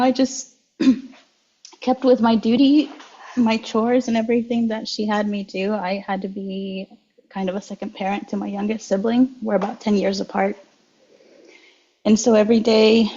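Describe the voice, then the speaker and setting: Her mellow voice holding a fairly steady pitch, a young adult woman shares personal testimony in an interview about her life. She moves slowly and thoughtfully, often starting sentences over, and the audio sounds slightly dull and lo-fi.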